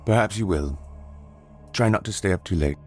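A man playing a calm, detached butcher and captor in a horror audio drama, speaking politely and in a measured way. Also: sits low, faint music behind, lightly acted. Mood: coolly polite. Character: cold, curious male butcher and captor.

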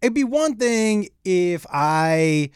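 A man from Massachusetts chatting casually and telling stories with quick jokes. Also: sits high, clean tone, no echo, studio quality. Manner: animated storyteller, quick jokes. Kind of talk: casual chat.

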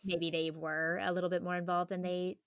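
A woman's voice: lowish voice, level tone, a little fast, smooth, no room sound, clean studio sound. A young woman co-hosting a true crime podcast, chatting casually and reacting with disgust. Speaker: podcast co-host. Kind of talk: casual chat.

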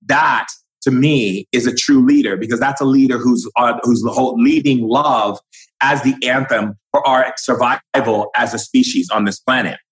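A man's voice: mid-range voice, normal speed, poor audio. Emphatic man preaching spiritual views. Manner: emphatic, preachy, acts out quoted conversations. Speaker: spiritual guide. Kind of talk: impassioned spiritual commentary.

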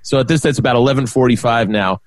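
A man tells a rambling story on a podcast. He jumps into the voices of the people in it and keeps the tale moving. His voice sits at a middle pitch and sounds close and dry, with no room around it. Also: quick pace, dry recording. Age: 40s. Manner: animated storyteller, acts out quotes. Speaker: podcast co-host. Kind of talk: casual storytelling chat.

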